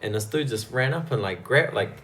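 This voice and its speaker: A man with a New Zealand accent, a guest on a podcast, talking in an animated, slangy way. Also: mid-range voice, fairly quick. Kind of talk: casual podcast chat.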